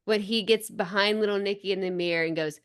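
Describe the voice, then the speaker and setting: A woman's voice: medium pitch, fairly even intonation, fast talker, clean tone. Guest, female, mid voice, eager fan energy, giggles between lines. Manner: enthusiastic, gushing, laughs often. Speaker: podcast guest. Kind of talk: casual movie chat.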